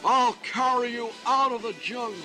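An actor playing a mild-mannered, awkward young hero in a stop-motion film. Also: male voice, very high-pitched, steady tone, moderate pace, sharp tone, soft background music.

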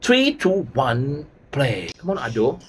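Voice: medium pitch, slow, slight background noise. Gushing YouTube reaction host. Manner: gushing, excitable, repeats "oh my God"; loose non-native English grammar with many "like" fillers. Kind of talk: music video reaction commentary.

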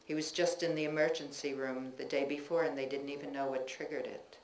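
A woman reading her own personal essays aloud to an audience in a bookstore, measured and reflective, with chatty asides between pieces. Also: very deep voice, little pitch movement, darkish tone, slight background noise. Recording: echoey room recording with faint ambience.

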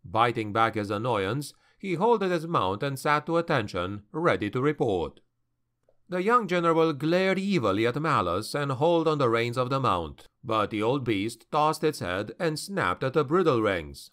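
A man reading a fantasy novel aloud as an audiobook narrator, slow and measured. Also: medium pitch, very animated, a bit bright.

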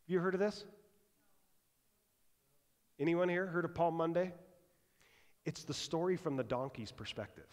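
A man preaching a sermon as pastor, conversational and animated, swinging between loud and hushed. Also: on the high side, a little slow, pauses often. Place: church sanctuary. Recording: long church reverb.

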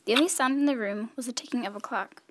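A woman reading a children's story aloud in a clear, measured storytelling voice. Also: fairly high pitch, noisy background. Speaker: storybook reader.

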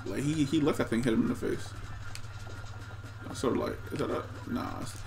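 A young man casually commenting on his own gameplay, excitable and trash-talking the other players. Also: medium pitch, fairly quick, creaky, slight background noise. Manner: excitable, talks to himself and chat, trash-talks players. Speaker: gaming streamer.

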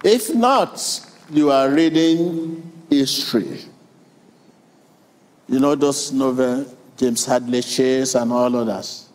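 A man's voice: mid-range voice, slow, darkish tone. A man preaching a sermon with emphatic repetition, drawing in the congregation. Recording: long reverb of a large hall.

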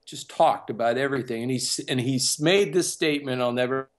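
A man's voice: mid-range voice, fairly quick. A man who works as a music producer and composer, telling a personal story in a casual interview and acting out other people's lines as he goes.

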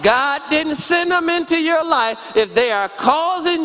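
A man's voice: very high-pitched, expressive, unhurried, sharp tone, soft background music. A pastor in his forties preaching a sermon in church, emphatic and calling out to the congregation. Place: church sanctuary.

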